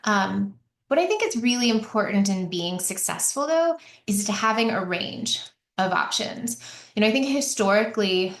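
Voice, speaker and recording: An expressive woman of medium pitch talks at normal speed through a conversational webinar presentation. The room echoes, and she's chatty, often using fillers and restarting.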